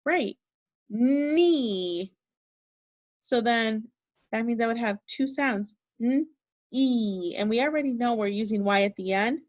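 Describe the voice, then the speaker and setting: A woman teaching a second grade phonics lesson, speaking slowly and encouragingly and spelling words out letter by letter. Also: fairly high pitch, no echo, muffled recording. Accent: Minnesota. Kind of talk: recorded remote phonics lesson.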